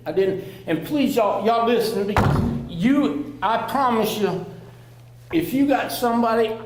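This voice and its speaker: High-voiced man in his sixties. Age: 60s. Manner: laughs often, repeats words, plainspoken and earnest. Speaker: panel speaker in recovery. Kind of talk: personal storytelling to a live audience. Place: public library meeting room. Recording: echoey room with faint hum.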